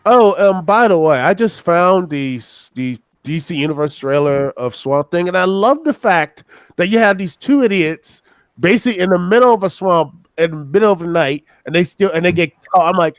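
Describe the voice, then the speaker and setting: A young man in a loose group chat, his voice fairly high and swinging widely as he rambles through fillers and acted-out quotes. The sound is dry and close, with no room around it. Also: lively intonation, moderate pace, no room sound. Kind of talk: casual group chat on a voice call.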